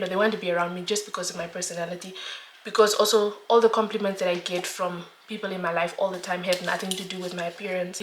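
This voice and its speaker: A woman's voice: mid-range voice, a bit bright. A chatty young woman talks candidly while getting ready, with frequent laughs in a mid-range voice. She sounds like she is in a roomy space with a faint hum of noise behind her. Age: young adult. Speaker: vlogger. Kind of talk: casual chat while doing makeup.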